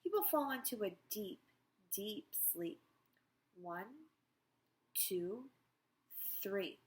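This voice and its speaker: A woman voicing a calm, sly male psychiatrist who hypnotizes his patient, speaking slow, soothing instructions in a storybook read-aloud. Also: mid-range voice.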